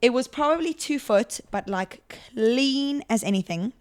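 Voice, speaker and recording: A woman's voice: a little high, animated, unhurried. A young woman chatting as a podcast guest, playful and jokey, laughing often. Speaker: podcast guest, surf trainer and presenter. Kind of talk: casual chat.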